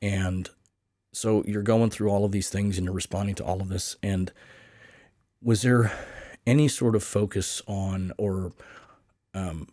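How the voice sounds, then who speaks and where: A man with a deep, low voice hosts a podcast, asking long and earnest questions. The recording is close and dry, with no room sound. He speaks steadily and sincerely. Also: steady tone, unhurried, dark tone, dry recording. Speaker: podcast host. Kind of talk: podcast interview.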